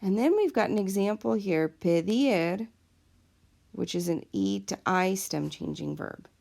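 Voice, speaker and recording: A woman's voice: medium pitch, lively intonation, unhurried, creaky, a little mellow. A woman teacher explaining a lesson patiently, step by step, in a recorded classroom video. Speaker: Spanish teacher.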